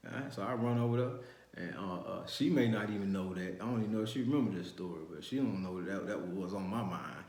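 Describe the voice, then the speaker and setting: Rambling low-voiced storyteller. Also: male voice, fast, darkish tone. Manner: rambling, repetitive restarts, street slang. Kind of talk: casual first-person storytelling. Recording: roomy echo.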